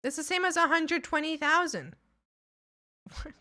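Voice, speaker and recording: Female streamer, high bright voice, unhurried casual chat to viewers, muttering to herself with loud laughing outbursts. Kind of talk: casual livestream chat while working.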